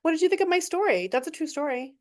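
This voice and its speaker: A middle-aged woman telling a true work story in a training session, animated and swearing, acting out what people said. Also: very high voice, fast talker. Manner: animated, swearing, acts out quoted voices. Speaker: real estate agent.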